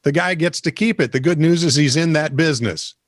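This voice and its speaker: A man's voice: fairly high pitch, a little fast. A man co-hosting a comedic news podcast, reading stories aloud with a wry tone. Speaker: podcast co-host. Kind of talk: casual comedic news chat.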